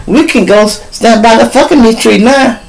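A man putting on the voice of an excitable young girlfriend, shrill and exclaiming, in a comic story. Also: moderate pace, gravelly, low-quality recording. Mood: shrieking.

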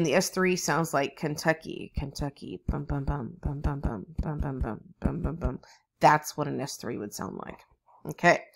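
A woman's voice: on the low side, creaky. A woman teaching nursing students in a recorded lecture, explaining at an easy pace with frequent ums and chanting rhythms aloud. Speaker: nursing instructor.

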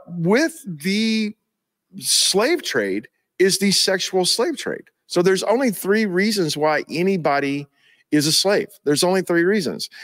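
A man's voice: high-pitched, a bit bright, no room sound. A man, a pastor, answering questions live in an emphatic, preacherly way, at times emotional. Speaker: pastor and ministry leader.

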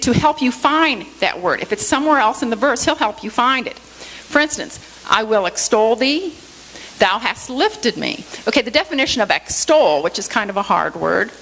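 A woman leads a church Bible study in a plain, explanatory teaching voice. She walks through each point step by step and keeps tagging her sentences with a questioning "okay?" to check her listeners are following. Now and then she pokes gentle fun at herself. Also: a little high, rough recording. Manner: self-deprecating, light humor.

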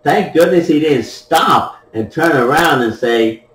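A man's voice: on the high side, expressive, measured pace, fairly bright tone, slight background noise. A man giving playful, joking commentary over a game replay, laughing at his own jokes, in an echoey room with the mic at a distance. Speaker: gameplay commentator.

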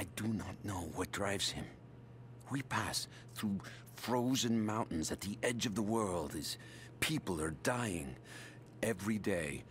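An actor voicing a weary, obsessed soldier reading his journal in a grave, hushed voice in a video game. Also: sits low, slight background noise, exaggerated voice.

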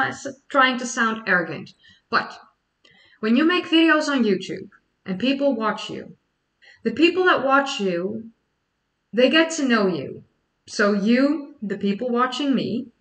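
A woman's voice: fairly high pitch, pushed and bright, recorded from a distance, low-quality recording. A young adult woman from the Netherlands with a Dutch accent, chatting casually on a livestream and explaining history questions at length. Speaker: history YouTuber.

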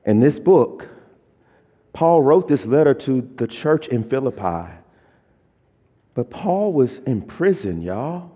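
A middle-aged man, a pastor preaching a sermon and swinging between quiet, low passages and loud, emphatic lists. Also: big pitch swings, takes it slowly, pauses often, dull audio. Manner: preaching with rising and falling intensity, stressing word lists. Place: church sanctuary. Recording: long church hall reverb.

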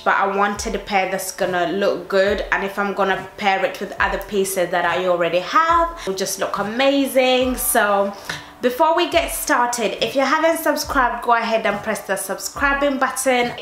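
A woman's voice: mid-range voice, fairly bright tone. A woman with an accent mixing London and Northeast English, talking casually and chattily to her viewers in a try-on haul. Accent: mix of London and Northeast English. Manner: chatty, addressing viewers directly. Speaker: fashion YouTuber. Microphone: camera mic. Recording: echoey room, faint music.

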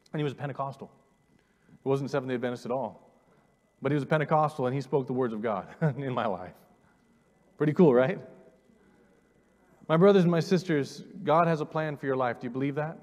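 A pastor in his forties preaches a sermon built around his personal testimony, speaking earnestly, repeating words, and inviting the congregation forward. His voice is a little high with a darkish tone. It's recorded in a church sanctuary, with the long reverb of a church hall.

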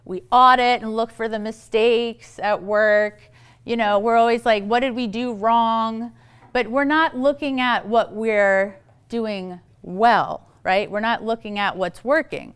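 A woman giving a storytelling talk on parenting to an audience, animated and acting out the voices she quotes. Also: fairly high pitch, unhurried, clean tone. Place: event hall.

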